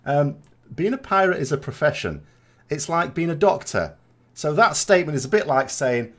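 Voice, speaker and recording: Chatty British man with lively pitch. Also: moderate pace. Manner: chatty, rambling, with rhetorical asides and tag questions. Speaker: gaming vlogger. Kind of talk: casual chat reading viewer comments.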